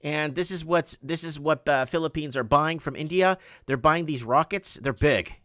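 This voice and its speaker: A man with a high voice hosts a casual call-in show, rambling through news headlines and pressing his points harder as he goes. The sound is dry and close, with no room around it. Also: moderate pace, fairly bright tone, no echo. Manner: rambling, reads headlines aloud, rising emphasis. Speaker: host.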